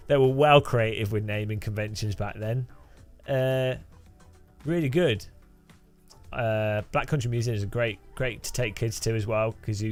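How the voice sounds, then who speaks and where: A middle-aged man, chatting casually and jokingly while streaming a game live, often chuckling as he rambles. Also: fairly low pitch. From English Midlands.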